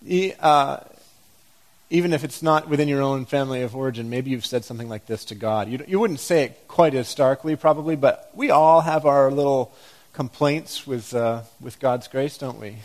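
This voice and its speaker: A man's voice: mid-range voice, normal speed, a little mellow. A man preaching a sermon, reading scripture aloud and asking the congregation reflective questions.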